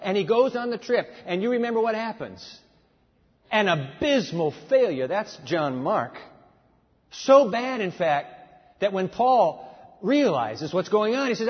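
A male preacher tells the story dramatically, acting out every voice in a husky, fairly high tone. His sermon sounds dull and lo-fi, with a long echo from a big hall. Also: sing-song, unhurried. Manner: dramatic storytelling, acts out dialogue.

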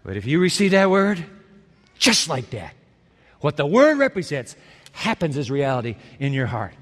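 A man preaching a sermon emphatically, repeating key phrases and swinging from quiet to loud. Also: a little high, big pitch swings, moderate pace. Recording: hall reverb.

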